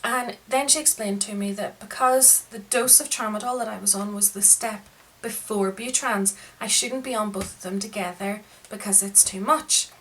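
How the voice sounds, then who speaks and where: A woman talks straight to camera in a casual rant. She sounds frustrated as she retells a string of exchanges and acts out each side of the conversation. Her voice sits at an ordinary middle pitch. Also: moderate pace, few pauses, slight background noise, low-quality recording. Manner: frustrated, retelling events with lively quoted dialogue. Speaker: vlogger. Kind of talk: casual ranting monologue.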